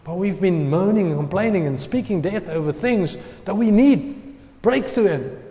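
Animated pastor in a hall. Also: male voice, high voice, moderate pace. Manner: animated storyteller, acts out his own prayers loudly. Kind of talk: sermon with personal story.

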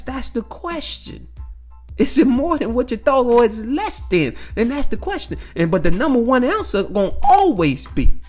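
A man in a casual, profane monologue, talking straight to his listeners and circling back to the same phrases. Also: sits high. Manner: animated, repetitive, peppered with "you know what I'm saying". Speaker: vlogger sharing life views.

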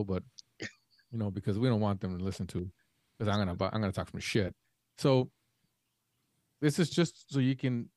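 Man, low voice, casual rambling storyteller, dry close sound. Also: darkish tone, no room sound. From Mexican family. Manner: rambling storyteller, acts out quoted dialogue. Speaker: podcast co-host. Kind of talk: casual chat.

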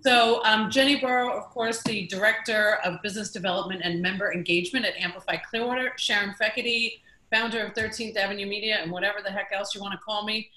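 A woman's voice: medium pitch, fairly even intonation, quick pace, bright, forceful tone, echoey room, a little hiss or hum. A woman hosting a podcast, chatting in an upbeat, jokey way. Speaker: podcast host. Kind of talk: casual chat. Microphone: video call.

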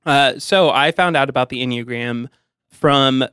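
A man's voice: mid-range voice, measured pace, sharp tone, smooth, no echo, clean studio sound. A man guesting on a podcast, easygoing and explanatory in casual chat.

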